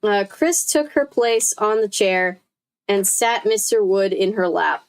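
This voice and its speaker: A woman reading a book aloud for her stream in a casual, relaxed way. She tosses in joking asides and laughs between passages. Her voice sits at an ordinary middle pitch. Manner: chatty asides, quick laughs, swears.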